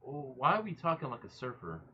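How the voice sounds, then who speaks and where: A man's voice: mid-range voice, huge pitch swings, fairly quick. A man reacting to a true-crime video with blunt, indignant casual comments. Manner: blunt, indignant remarks, swears. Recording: dull lo-fi home mic with faint noise.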